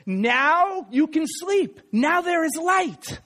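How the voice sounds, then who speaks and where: Storybook father bear, calm and slow, high-voiced, read aloud by a man. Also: full character voice. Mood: gentle.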